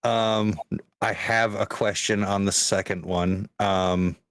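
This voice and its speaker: A man's voice: fairly low pitch, steady tone, takes it slowly, a bit bright, no echo, clean studio sound. A man player in a tabletop game, talking casually and hesitantly, with frequent fillers as he thinks. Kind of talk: casual chat about his character.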